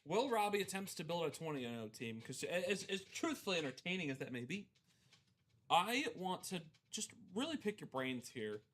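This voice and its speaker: A man's voice: high-pitched, normal speed, a little hiss or hum. A young man in his twenties co-hosting a live sports card break, chatting casually and telling stories with voiced quotes. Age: 20s. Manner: animated storytelling with voiced quotes. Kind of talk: casual chat.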